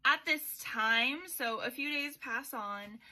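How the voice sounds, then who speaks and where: A young woman with a bright, lively tone and a slightly high voice, recapping a book for a podcast. She talks in a loose, chatty way, full of swearing and offhand asides. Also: slow pace, rough recording. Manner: chatty, profane, irreverent. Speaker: podcast host.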